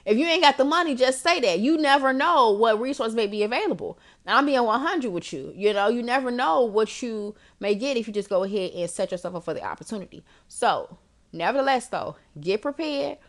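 A young woman hosting a podcast and coaching listeners in a casual, animated, slangy monologue with frequent laughter. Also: fairly high pitch, a little fast. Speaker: podcast host and life coach.

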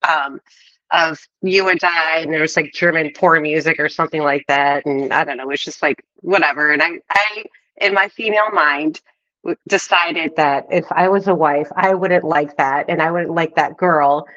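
A woman's voice: deep voice, steady tone, moderate pace, a bit bright, muffled recording. A woman from Ohio, a podcast guest, chatting candidly and laughing often. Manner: giggly and candid. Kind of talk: casual podcast chat.

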